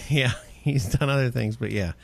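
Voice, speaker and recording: A man's voice: medium pitch, normal speed, vocal fry, no room sound. A man hosting a podcast in casual chat, telling stories with animation and laughing often. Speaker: podcast host.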